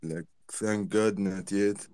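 A man's voice: fairly low pitch, steady tone, slow pace, darkish tone, no echo. A man in casual chat, easygoing, using lots of slang. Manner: easygoing slang, says fam.

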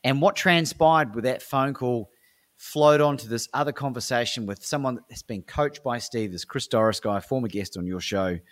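A man's voice: medium pitch, normal speed, fairly bright tone. Enthusiastic Australian man telling stories. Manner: enthusiastic, emphatic, repeats words when he restarts. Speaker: podcast guest, coach and speaker. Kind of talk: animated storytelling in a podcast interview.

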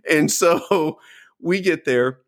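A middle-aged man telling a story in casual chat, acting out the people he quotes with big jumps in pitch. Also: very slow. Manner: animated, acts out quotes with lively pitch jumps. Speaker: guest storyteller.

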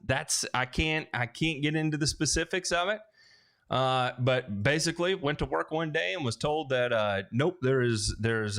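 A man's voice: medium pitch, fairly bright tone. Casual rambling man hosting a livestream. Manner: rambling, restarts a lot, joking asides. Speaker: host of a lawn care livestream. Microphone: headphones with mic.

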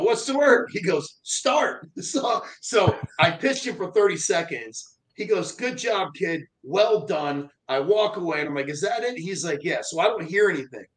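On poor audio, a man with a fairly high voice tells a story in casual chat as a motivational speaker. He's animated and acts out the voices of the people he quotes.

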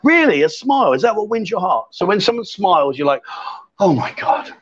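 Brief: male host, high lively voice, jokey banter, lo-fi stream. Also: brisk, slightly rough. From England. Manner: teasing, jokey, reads out comments. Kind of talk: casual live-stream chat. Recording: dull lo-fi stream audio.

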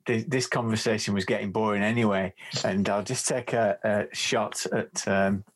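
A man's voice: fairly low pitch, fairly even intonation, moderate pace. Laid-back man playing a tabletop game. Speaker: player.

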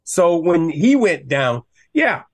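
Fired-up former football player, high voice. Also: male voice, takes it slowly, breathy edge. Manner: passionate, animated, voice rising when riled up. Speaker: guest, former college running back. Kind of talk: casual sports talk.

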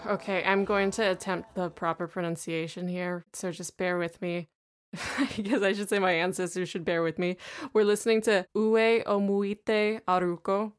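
A woman's voice: on the low side, steady tone, normal speed. Chatty laughing woman podcast co-host. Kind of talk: casual chat.

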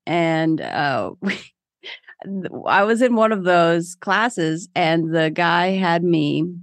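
Lively self-deprecating woman, dry close sound. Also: lowish voice, takes it slowly, no room sound. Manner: animated, self-deprecating, laughs often. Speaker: guest. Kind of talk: casual interview storytelling.

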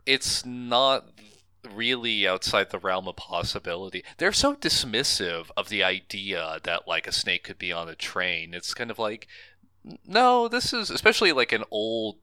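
A man co-hosting a casual podcast, excitedly retelling a film's scenes with frequent laughter. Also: lowish voice, normal speed, clear, resonant tone, dry recording. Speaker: podcast co-host. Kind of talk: casual movie recap chat.

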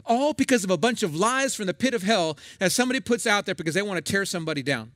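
A man's voice: high-pitched, lively intonation, quick pace, fairly bright tone, no echo, clean studio sound. A middle-aged male pastor, preaching a sermon in a conversational, folksy way with emphatic asides.

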